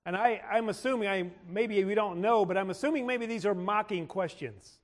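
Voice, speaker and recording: A man preaching a sermon in a church service, often restarting and repeating his words and clearing his throat. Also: high voice, moderate pace, hardly any pauses.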